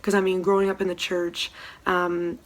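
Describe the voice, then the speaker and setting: Soft-spoken young woman, low and even. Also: normal speed. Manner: soft-spoken, hesitant with many ums. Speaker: church devotional speaker. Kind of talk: casual home devotional talk. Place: room at home.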